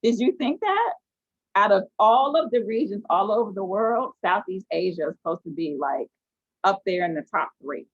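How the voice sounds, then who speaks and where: A woman's voice: mid-range voice, animated, moderate pace, slightly rough, no room sound. An American woman teaching an online class, asking her students questions and telling stories with animation. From United States. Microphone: video call. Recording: tinny phone-like video call audio.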